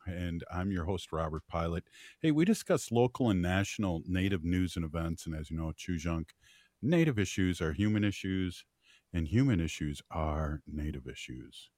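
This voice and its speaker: Male radio host, very low voice, dry studio sound, rambling casual chat. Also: lively intonation, moderate pace, darkish tone, dry recording. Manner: rambling, filler-heavy, laughs easily.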